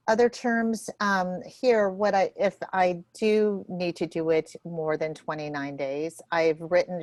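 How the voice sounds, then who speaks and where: A woman running a real estate training session, walking through contract forms in a quick, nervous way with many fillers and restarts. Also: on the low side, dry recording.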